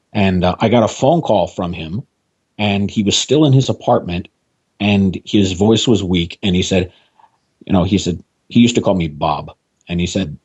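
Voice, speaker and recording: A man's voice: low-pitched, darkish tone, husky, highs cut off. A man, a podcast guest, telling long anecdotes about an old friend and quoting him at length. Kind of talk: storytelling interview guest.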